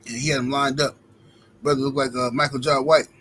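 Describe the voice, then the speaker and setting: A man's voice: mid-range voice, flat delivery, brisk, fairly bright tone, a little hiss or hum, rough recording. A man hosting a livestream who tells rambling, slangy stories and reads out viewer super chats. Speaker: livestream host. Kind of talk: casual storytelling and reading super chats.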